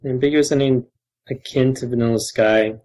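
A man's voice: medium pitch, steady tone, normal speed, dark tone, poor audio. Male co-host, wry teasing tone, easygoing podcast chatter. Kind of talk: casual podcast banter.

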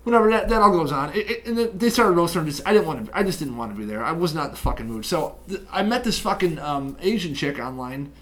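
A young man from New York rants through a casual podcast chat, swearing constantly and firing words out fast. His voice sits high for a man. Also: animated, fairly bright tone. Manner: fast-talking, heavy swearing, ranting storyteller. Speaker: podcast co-host.

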